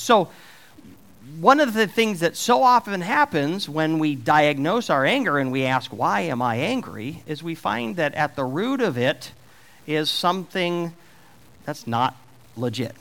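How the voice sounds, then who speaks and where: Man, preacher, sermon, middle-aged, lively delivery, emphatic. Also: on the high side, unhurried. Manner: animated, voicing God's questions with rising emphasis.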